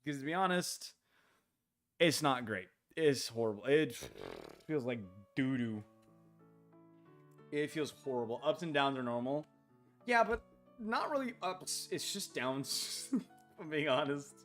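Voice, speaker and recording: A tired young man streaming a game late at night, talking in a halting, rambling way full of fillers and restarts. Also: on the high side, lively intonation, a bit bright, faint music behind.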